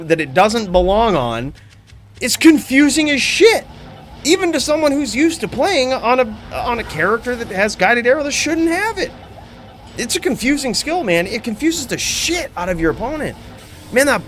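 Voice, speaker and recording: Excitable, profane male streamer. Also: sits high, slight background noise. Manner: excitable, profane, rambling gamer talk. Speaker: streamer host. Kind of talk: casual live-stream chat.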